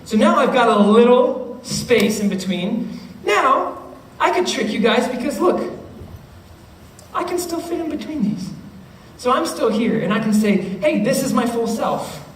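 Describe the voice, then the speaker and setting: A young man giving an animated youth talk to middle schoolers, often checking in with his listeners and acting out their voices. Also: very high voice, measured pace. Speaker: youth speaker. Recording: roomy, distant mic with faint noise.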